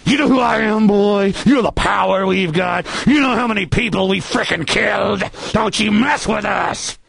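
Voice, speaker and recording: A man's voice: high voice, normal speed, creaky, fairly bright tone, breathy edge, dry recording, pitched above the performer's own voice, exaggerated voice, poor audio. A man voicing a menacing, powerful male elite who threatens and barks. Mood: threatening. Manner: threatening, barking.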